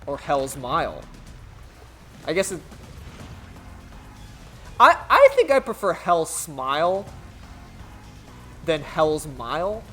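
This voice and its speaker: A woman's voice: on the low side, very animated, slow, long pauses, a bit bright, faint music behind. A woman streaming a game and reading its dialogue aloud, playful and joking between lines. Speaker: game streamer voicing characters. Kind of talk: let's-play dubbing of game dialogue.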